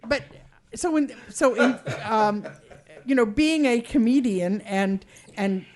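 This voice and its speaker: A woman's voice: a little high, takes it slowly, darkish tone. A woman on a podcast panel who talks frankly and casually, often trailing off and restarting, with casual swearing. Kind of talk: casual chat.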